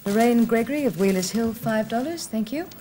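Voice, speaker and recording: A woman's voice: on the high side, animated, fairly quick, warm tone, a little hiss or hum. An Australian woman reading telethon donations steadily. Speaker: telethon presenter.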